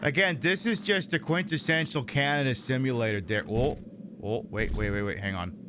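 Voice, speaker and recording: A man's voice: medium pitch, moderate pace, noisy background. A man hosting a game stream, rambling and joking casually, swearing freely as he plays. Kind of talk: casual gameplay commentary.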